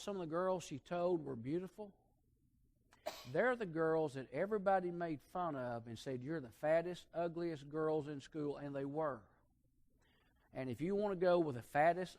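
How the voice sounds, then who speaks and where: Preacher man telling a down-home story, kinda high voice, goes quiet then loud. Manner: folksy, swings between hushed and loud emphasis. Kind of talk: sermon storytelling.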